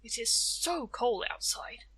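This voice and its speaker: A woman's voice: on the high side, animated, slow, bright, forceful tone, husky, full character voice. Woman doing a friendly little magician man. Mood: kindly. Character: short thin friendly male magician.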